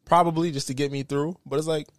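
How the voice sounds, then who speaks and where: A man's voice: a little high, fairly even intonation, no room sound, clean studio sound. A man co-hosting a podcast, joking crudely in casual banter. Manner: joking, crude, quick-talking. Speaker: podcast co-host.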